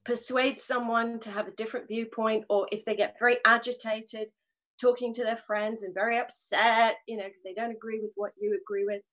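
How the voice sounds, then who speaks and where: Woman, a little high-pitched, passionate, rambling, casual online talk. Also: flat delivery, brisk, a bit bright, low-quality recording. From grew up on film sets. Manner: rambling, earnest, swears and laughs it off. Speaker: panelist in a live online discussion.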